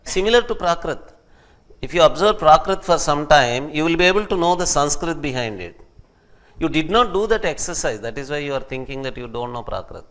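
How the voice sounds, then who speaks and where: Animated professor lecturing. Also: male voice, a little high, fairly quick. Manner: animated, acts out quoted speech. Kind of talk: classroom lecture.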